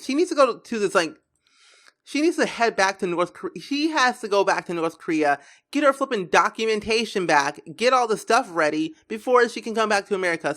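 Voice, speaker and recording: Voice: medium pitch, a bit bright. A gameplay commentator talking casually and rambling on, with lots of filler words and restarts.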